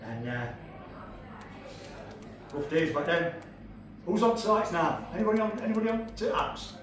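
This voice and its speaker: A man's voice: high-pitched, very animated, normal speed. A man in his fifties with a Yorkshire accent doing a brash, sweary stand-up set on a comedy club stage. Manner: brash, sweary, crowd-teasing storytelling. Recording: echoey club, far from the mic, audience laughter.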